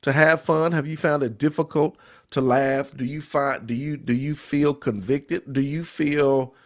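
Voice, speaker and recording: A man's voice: mid-range voice, fairly even intonation, measured pace. A man hosting a grief support talk, reading viewer comments and answering in an emphatic, preacherly, repetitive way. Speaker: host of a grief support show. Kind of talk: live-stream talk to viewers.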